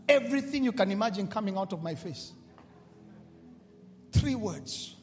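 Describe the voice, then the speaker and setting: A man preaching a sermon, shifting from quiet storytelling to shouted, repeated declarations with call-and-response. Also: high-pitched, animated, moderate pace. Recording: reverberant hall with music behind.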